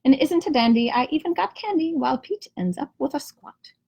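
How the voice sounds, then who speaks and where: A woman's voice: sits high, animated, fairly quick, creaky, darkish tone. A woman reading Clover, a sly teasing leprechaun. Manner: teasing, sing-song rhymes. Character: sly, playful male leprechaun who teases. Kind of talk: picture book read-aloud.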